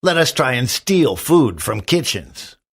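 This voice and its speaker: A sly, pushy teenage beggar boy from a storybook, as a man reading aloud puts him on, who wheedles and orders others about. His voice swings up and down a great deal, and he talks at an unhurried pace. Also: medium pitch, very animated, gravelly, breathy edge, pitched above the performer's own voice, heavily acted. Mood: coaxing.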